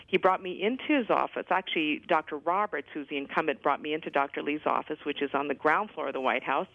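A middle-aged woman, a guest on a radio interview, telling a personal story in a lively way with many fillers, heard over a phone line. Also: sits low, fast, no room sound. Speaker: guest, former White House physician.

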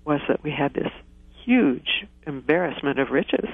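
A woman's voice: deep voice, lively intonation, unhurried, gravelly, husky, dry recording. Scholarly woman over a tinny line. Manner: patient, explanatory, scholarly. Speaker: guest dictionary editor. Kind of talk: radio interview. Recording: tinny phone-line sound.

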